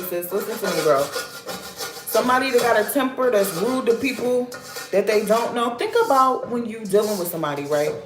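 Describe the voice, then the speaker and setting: A woman vlog host giving blunt, repetitive life advice in a casual talk to camera at home. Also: mid-range voice. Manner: emphatic, repetitive, preachy. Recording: roomy echoey room.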